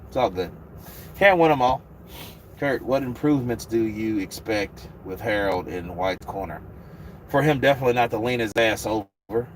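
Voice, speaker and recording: A man's voice: sits low, a little hiss or hum. A man hosting a casual boxing livestream, reading out chat in a profane, joking, laid-back way. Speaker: host.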